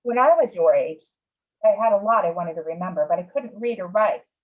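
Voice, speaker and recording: An unhurried old great-grandfather from a storybook, read aloud by a woman in a lowish, easy voice. The sound is dull and lo-fi, as if it came through a video call. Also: lively intonation, distant mic, lightly acted. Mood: reminiscing.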